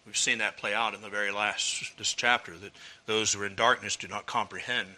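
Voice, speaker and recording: Male preacher, bright forceful tone, earnest teacher, poses rhetorical questions. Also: on the low side, fairly even intonation, fairly quick. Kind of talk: expository sermon.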